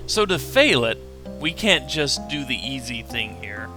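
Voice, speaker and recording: A man's voice: mid-range voice, measured pace. Easygoing man giving game commentary. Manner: relaxed, explains step by step. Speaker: let's play host. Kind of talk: casual gameplay commentary. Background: game music.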